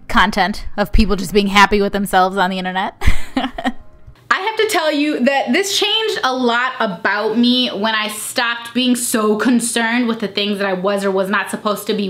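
A young adult woman talking casually and openly in a vlog, chatty and animated, jumping into high voices when she quotes people. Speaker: vlogger. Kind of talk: casual confidence chat.

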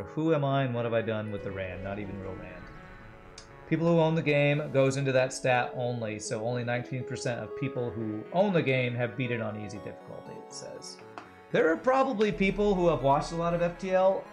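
A man's voice: mid-range voice, expressive, a little fast, faint music behind. A male game streamer with a mid-range voice chats casually with viewers. He jokes around and reads their comments aloud between moves. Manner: jokey, reads chat aloud.

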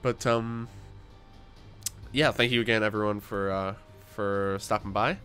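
A man's voice: lowish voice, steady tone, unhurried, a bit bright, faint music behind. A young man livestreaming a game while sick and tired, chatting casually with viewers, with frequent fillers, restarts and the odd voice crack. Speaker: gaming livestreamer.

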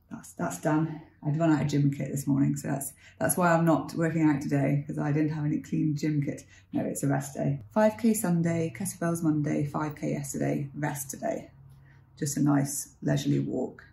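A woman's voice: fairly even intonation, normal speed, creaky, warm tone, husky. A woman vlogging casually, chatting and talking to her dogs, out of breath while walking outdoors. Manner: chatty, talks to her dogs in a high baby voice. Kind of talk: casual vlog chat.

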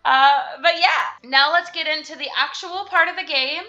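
Bright-voiced young woman chatting over gameplay. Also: high-pitched, moderate pace, highs cut off. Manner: chatty, giggly, swears when surprised. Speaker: gaming vlogger. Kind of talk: casual gameplay commentary.

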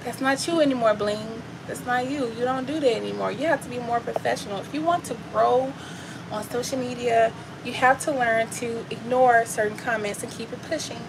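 A woman's voice: fairly high pitch, brisk, gravelly, noisy background. A woman vlogger at home on a livestream, talking bluntly and profanely as she scolds and rants. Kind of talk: casual livestream rant.

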